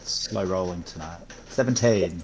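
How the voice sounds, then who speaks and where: A man playing a tabletop game who asks questions and describes his moves in a relaxed way. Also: low-pitched, unhurried, heavy background noise. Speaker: player. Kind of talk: tabletop role-play chat.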